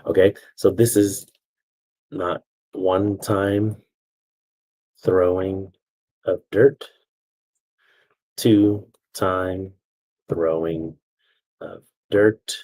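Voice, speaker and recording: A man with a low, very husky voice teaches video storytelling. He talks casually, tells a family story and keeps checking that his listeners are following. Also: a little mellow, rough recording. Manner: conversational, checks in with "okay?". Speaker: video coach.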